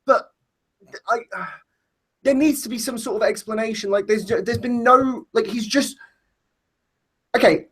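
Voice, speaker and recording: A man's voice: very high-pitched, normal speed, pauses often, fairly bright tone, slightly rough. A man hosting a casual wrestling discussion, ranting with plenty of swearing. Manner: profane, ranting. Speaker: podcast host.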